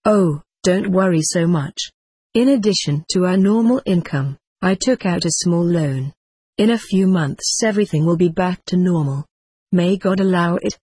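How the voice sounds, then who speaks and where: A devoted young woman soothes her sick mother in a soft, choked voice, as a woman narrator puts her on. The sound is breathy and slightly low, recorded close and dry. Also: normal speed, dry recording. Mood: reassuring.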